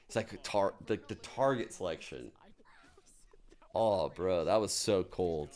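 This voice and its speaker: A man's voice: low voice, a little slow. A man co-streaming an esports match, reacting with hyped, profane casual commentary. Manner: excitable, swears often, hyped reactions. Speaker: watch party co-streamer.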